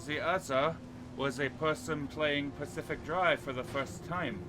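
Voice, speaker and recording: A man's voice: fairly high pitch, measured pace. A man streaming a driving game, chatting casually and dryly about his run. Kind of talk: casual gameplay commentary.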